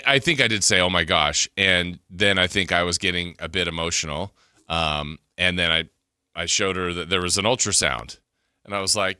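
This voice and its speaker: A man co-hosting a sports radio show, telling stories in an animated, casual way. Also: low voice, moderate pace, clean tone, no room sound, clean studio sound. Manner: animated storyteller, gasps and laughs while telling. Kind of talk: casual chat. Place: radio studio.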